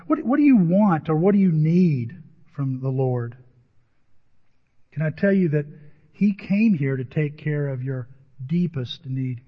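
A man preaching a sermon as a pastor, telling stories with lively acted-out voices and crowd noises. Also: on the high side. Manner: animated storytelling, acts out voices and crowd noises. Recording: dull lo-fi audio with long hall reverb.

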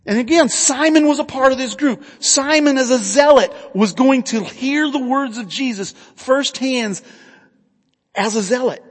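A man with a high voice preaches a sermon, earnest and conversational, asking his listeners questions as he goes. His voice rings out with a long reverb, as if filling a large hall. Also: unhurried, slightly rough. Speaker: pastor.

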